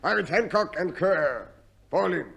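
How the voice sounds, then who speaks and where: An actor playing a pompous French Foreign Legion officer with a put-on French accent, in a 1950s radio comedy. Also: male voice, medium pitch, very animated, moderate pace. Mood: barking orders. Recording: hissy old radio recording.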